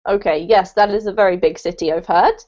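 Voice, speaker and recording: A woman's voice: mid-range voice, quick pace, darkish tone. A woman teaching an online English conversation class, upbeat and coaching, laughing often as she guides students. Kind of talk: friendly online class hosting. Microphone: video call. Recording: muffled lo-fi call audio.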